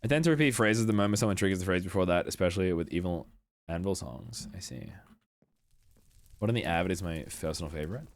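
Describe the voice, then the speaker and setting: A man's voice: deep voice, lively intonation, fast talker. A young man live-streaming a game, chatting casually with his viewers, swearing freely and rambling between jokes. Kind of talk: casual live-stream chat while gaming.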